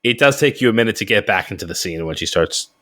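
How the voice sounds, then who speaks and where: A man co-hosting a podcast in casual chat, halting with stumbling restarts. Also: fairly low pitch, animated, a bit bright. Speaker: podcast co-host.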